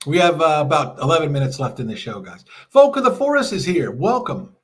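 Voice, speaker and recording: A man's voice: a little high, a little fast. A man hosting a live stream, chatting casually and reading out viewer comments while losing his voice. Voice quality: husky. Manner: animated, jokey, thanks viewers by name. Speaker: livestream host. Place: at his mother's house.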